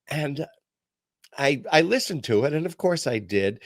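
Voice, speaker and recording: An older man hosts his talk podcast with lively, swooping pitch. He tells stories with self-deprecating humor. The sound is close and dry, with no room around it. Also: moderate pace, dry recording. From New York. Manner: storytelling, animated and self-deprecating. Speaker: podcast host. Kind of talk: casual chat.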